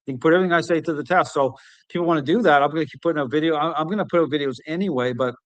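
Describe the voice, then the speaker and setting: A man hosting a podcast, speaking casually and telling stories with animated emphasis. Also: on the high side, rapid-fire, dry recording. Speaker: podcast host and dog trainer. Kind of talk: casual conversation.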